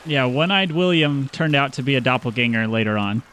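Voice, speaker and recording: A man narrating a tabletop game as game master, describing scenes in a relaxed way. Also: medium pitch, a little fast, slight background noise.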